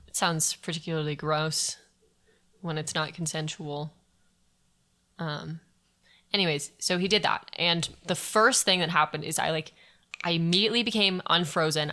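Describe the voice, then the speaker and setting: A woman's voice: deep voice, fairly even intonation, a little slow, sharp tone. A young adult woman candidly telling a personal story on a podcast, speaking frankly and swearing freely. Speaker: guest sharing her story.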